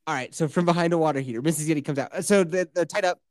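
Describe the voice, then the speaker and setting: A man's voice: a little high, racing, no echo, clean studio sound. A man hosting a podcast, casually recapping a TV episode with lots of swearing. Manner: animated, swearing storyteller. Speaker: podcast host.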